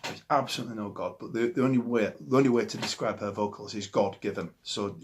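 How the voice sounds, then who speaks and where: A man's voice: lowish voice, quick pace, slight background noise. A man in his forties with a Yorkshire accent, a musician talking casually and enthusiastically about the records that shaped him. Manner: enthusiastic and rambling, with frequent restarts. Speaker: musician guest.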